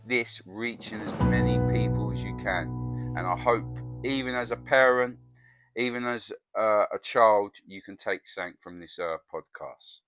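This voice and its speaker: A man in his forties, the podcast host, giving a reflective and halting introduction. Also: lowish voice. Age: 40s. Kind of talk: spoken introduction. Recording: loud music bed under voice.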